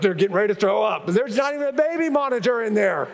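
A man's voice: high-pitched, animated, fast, creaky. A middle-aged man preaching a sermon in a conversational way, with frequent restarts and humorous asides. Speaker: pastor. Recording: long reverb in a large hall.

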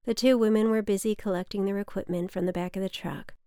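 A woman reading her personal story aloud in a measured, wry, reflective manner. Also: mid-range voice, fairly even intonation, warm tone, clear, resonant tone, no room sound, clean studio sound. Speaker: memoir narrator.

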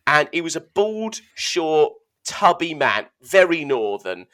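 Young male podcast co-host, very lively in pitch and bright in tone, self-mocking and tripping over words. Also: slow. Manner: animated, self-mocking storyteller who stumbles over words. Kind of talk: casual chat.

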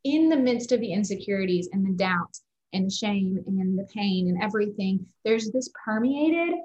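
A woman co-hosting a faith-based podcast, talking in a warmly affirming, reflective way. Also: mid-range voice, expressive, normal speed, muffled recording. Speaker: podcast co-host. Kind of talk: faith-based casual chat.

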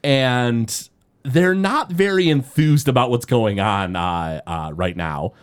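A man recapping a cartoon episode in casual podcast chat, rambling and halting with many fillers. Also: mid-range voice, smooth.

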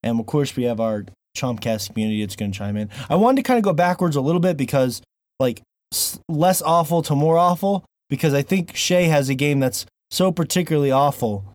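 A man runs a relaxed gaming podcast with a lively, bouncing voice that climbs and dips as he jokes. He laughs often and keeps the talk moving. The sound is dry and close to the mic. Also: on the high side, brisk, dry recording. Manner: animated, joking, laughs often. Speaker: podcast host. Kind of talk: casual podcast chat.

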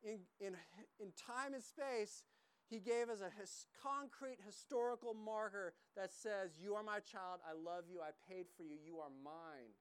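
Smooth-voiced male pastor preaching. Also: high voice, measured pace, no room sound. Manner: emphatic, repetitive preaching with quoted lines. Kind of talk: sermon.

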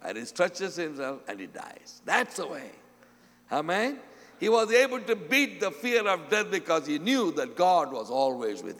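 A man preaching a sermon, often asking the congregation "Amen?", acting out quoted voices and swinging between loud and soft. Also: a little high, gravelly. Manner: call-and-response, repeats "Amen?" often. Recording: long hall reverb.

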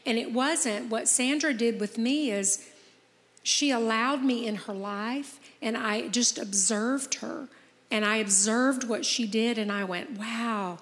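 A woman's voice: on the high side, a little slow, fairly bright tone, in a large hall. A woman in her fifties, hosting a podcast, talking in an earnest, encouraging way and telling personal stories. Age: 50s. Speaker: podcast host. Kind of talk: casual heartfelt chat.

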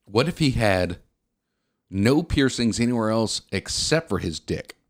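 A man co-hosting a casual comedy podcast, telling crude jokes and animated stories. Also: lowish voice, a little slow. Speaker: podcast co-host.

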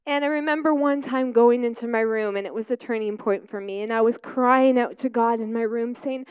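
A woman's voice: a little high, brisk, clear, resonant tone, no room sound. A woman in her thirties, a Christian speaker and mother, giving a candid, rambling personal faith testimony full of "like" and "you know.".

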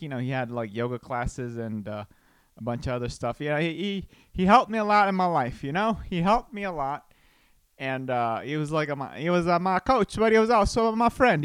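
A man's voice: a little high, smooth, no room sound. A man hosting his own podcast, telling a rambling personal story in a chatty, casual way. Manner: rambling, chatty, with many restarts and fillers. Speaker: podcast host. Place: Texas home.

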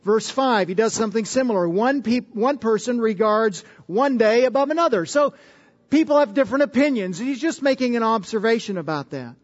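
A man's voice: very high voice, expressive, fairly quick. A man preaching a sermon as pastor, earnest and emphatic, pressing hard on key words. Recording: dull sound with long hall reverb.

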